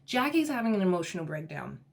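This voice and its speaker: A woman giving a casual, animated recap of a reality show episode, exasperated and often laughing. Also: fairly low pitch, quick pace, creaky, breathy edge.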